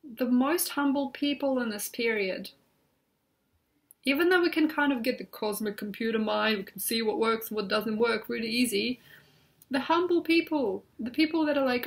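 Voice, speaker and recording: A woman's voice: fairly high pitch, moderate pace, gravelly. A woman astrologer talking casually and reflectively from her bed at home, rambling with many "like" and "you know" fillers. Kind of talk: casual spoken astrology talk.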